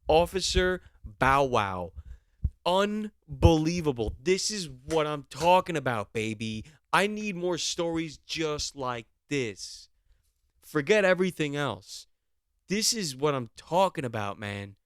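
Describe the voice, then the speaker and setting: A man's voice: fairly high pitch, expressive, a little slow, no echo, studio quality. A young man hosting a solo podcast, talking in a rambling, sarcastic and profane way. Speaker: podcast host.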